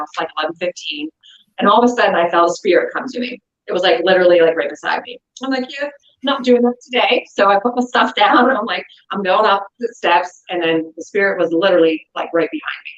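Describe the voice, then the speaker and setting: Woman telling a ghost story, echoey and muffled. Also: on the low side. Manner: animated, acts out dialogue in her story. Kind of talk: casual storytelling.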